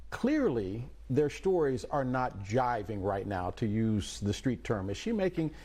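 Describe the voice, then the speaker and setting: A man's voice: medium pitch, big pitch swings, unhurried, mellow. A man anchoring a news program, putting questions to an analyst in a conversational way. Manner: conversational, recounting testimony. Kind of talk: news interview.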